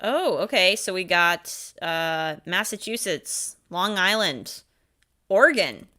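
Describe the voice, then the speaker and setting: A woman's voice: fairly low pitch, expressive, pushed and bright. A woman co-hosting a podcast, chatting casually and playfully during a live watch-along. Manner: playful, teasing, quick to laugh. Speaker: podcast co-host.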